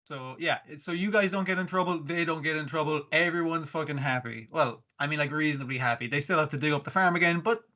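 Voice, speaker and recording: A man's voice: fairly high pitch, fast talker, hardly any pauses, pushed and bright, lo-fi sound. A man co-hosting a casual podcast, swearing freely and acting out characters' lines as he recaps episodes. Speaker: podcast co-host. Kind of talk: casual anime podcast chat.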